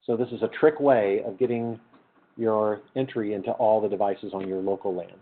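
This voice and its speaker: Lecturing in a classroom, a middle-aged man poses questions to his students before answering them himself, in a conversational way. He speaks in a lowish, steady voice at a moderate pace, recorded on tinny, lo-fi lecture equipment.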